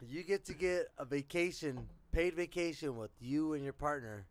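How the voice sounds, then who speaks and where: A fairly high-voiced young man holds forth in a loose podcast chat over beers. He wanders off track, curses and starts his story over again and again. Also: moderate pace, dry recording. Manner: rambling, swears, loses his thread and restarts. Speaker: podcast co-host.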